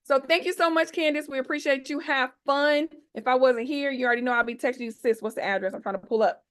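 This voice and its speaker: A woman in her forties hosts an online event over a video call, with a fairly high voice. She talks in a playful, slangy, chatty way and keeps hyping up her audience. She sounds like she is speaking into a home computer. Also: steady tone, fast talker. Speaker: host of an online expo. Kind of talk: lively motivational hosting on a video call.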